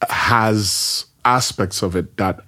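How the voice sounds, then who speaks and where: A man from the Netherlands interviewing a novelist, reflecting haltingly with many repeated words. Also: lowish voice, sharp tone. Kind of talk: interview conversation.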